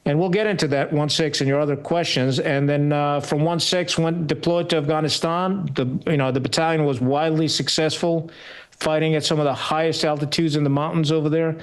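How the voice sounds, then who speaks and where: A man in his sixties, a retired officer, telling his story as a podcast guest in a blunt, salty way, with frequent pauses and fillers. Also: fairly high pitch, steady tone, smooth. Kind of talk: candid storytelling interview.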